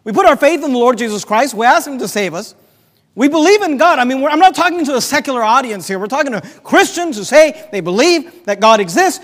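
A man preaching a Sunday night sermon, building with passion and rising to near-shouts as he quotes scripture. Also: extremely high pitch, in a large hall.

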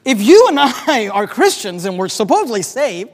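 A man delivers an impassioned sermon in a fairly high voice, and it swells toward near-shouts when he quotes scripture. His words ring with the long reverb of a church hall. He speaks as a preacher addressing his congregation. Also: big pitch swings, normal speed.

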